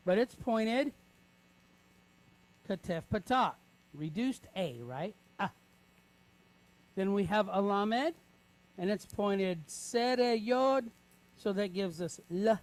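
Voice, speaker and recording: A man leads a classroom reading lesson at an unhurried pace. He sounds words out syllable by syllable. He checks in with his students again and again as he goes. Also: high voice, lively intonation. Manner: patient, checks in with frequent "right?"; spells out sounds slowly, syllable by syllable. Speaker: teacher.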